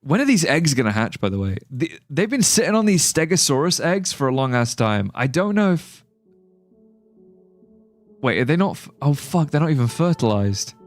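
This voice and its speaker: A man's voice: fairly high pitch, very animated, moderate pace, no room sound, soft background music. A British man chatting casually while streaming a game, joking and reacting to chat. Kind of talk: casual live gameplay chat.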